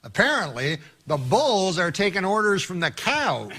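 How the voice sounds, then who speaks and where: A man reading parody news headlines in a dry, deadpan manner. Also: sits high, normal speed, slightly rough. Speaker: mock news anchor.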